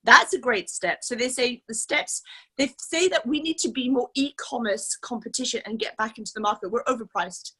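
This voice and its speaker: A woman's voice: on the high side, normal speed, bright, forceful tone, breathy edge. A woman leading a team training session, talking in a chatty, enthusiastic way with lots of fillers. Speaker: team leader. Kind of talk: casual training talk.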